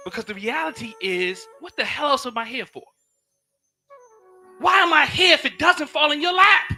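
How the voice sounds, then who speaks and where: Here a man offers a passionate, sermon-style teaching, casual in tone, dropping from loud cries to soft murmurs and circling back to repeated phrases.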